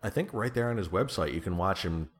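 A man's voice: deep voice, lively intonation, fast. A man in his thirties chatting casually on a podcast, rambling and self-deprecating with a joking manner. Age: 30s. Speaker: podcast co-host. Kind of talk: casual chat.

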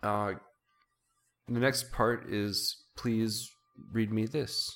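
A man's voice: on the low side, steady tone, extremely slow, a bit bright. A man co-hosting a podcast, easygoing in casual chat.

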